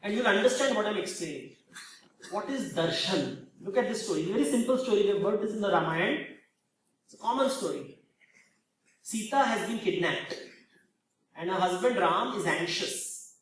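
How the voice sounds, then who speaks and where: A man with an Indian English accent giving an animated storytelling lecture, full of rhetorical questions, in a large hall. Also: high-pitched, moderate pace, pauses often, slight background noise. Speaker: speaker. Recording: very echoey hall, far from mic.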